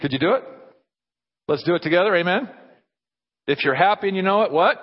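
A man preaching a sermon as pastor, acting out little dialogues in an animated way. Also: sits high, fast talker, pauses often, long reverb tail, highs cut off.

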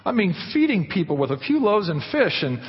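A man preaching a sermon in a husky, fairly high voice, animated and full of questions to his listeners. His voice rings with a long hall echo. The recording sounds dull and muffled. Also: a little fast. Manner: animated, asks the congregation questions, acts out quotes. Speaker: pastor.

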